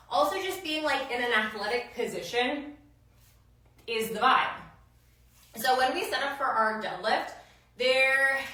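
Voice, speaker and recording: Woman, fitness coach, upbeat casual cueing, somewhat high pitch, echoey room. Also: bright, forceful tone. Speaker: kettlebell strength coach. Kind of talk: instructional workout coaching.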